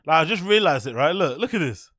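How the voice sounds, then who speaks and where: High bright mocking podcast host. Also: male voice, quick pace, dry recording, studio quality. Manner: mocking, laughing, animated. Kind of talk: casual reaction commentary.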